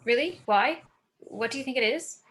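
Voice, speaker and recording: A woman's voice: fairly high pitch, moderate pace, a bit bright, lightly acted. A woman reading the part of an anxious hypochondriac man, fretful and rambling in an amateur script reading.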